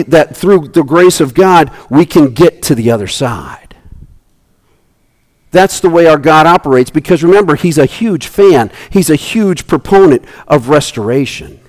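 Animated man preaching. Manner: animated preaching, voices characters with big swings in pitch; repeats and restarts phrases. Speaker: pastor. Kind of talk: sermon.

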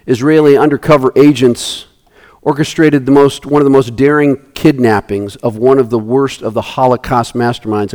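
A man preaching a sermon, animated, acting out the people in his story with big jumps in his voice and often restarting his phrases. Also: medium pitch. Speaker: pastor.

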